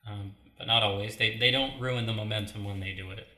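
Joking guy cohost, um-ing a lot, super bright voice, roomy echo. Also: lowish voice, fairly even intonation, brisk. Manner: joking, filler-heavy. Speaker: podcast co-host. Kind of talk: casual chat.

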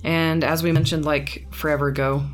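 A woman hosting a podcast in casual chat, playful and quick to laugh as she tries out intro lines. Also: low voice, flat delivery, soft background music. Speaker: podcast host.

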